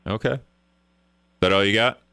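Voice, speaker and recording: Casting: radio host, low and bright, wry and casual, dry studio sound. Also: male voice, normal speed, vocal fry, smooth, dry recording. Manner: wry, casual, chuckles at absurd news. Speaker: radio talk show host. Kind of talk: call-in radio talk, reading news aloud.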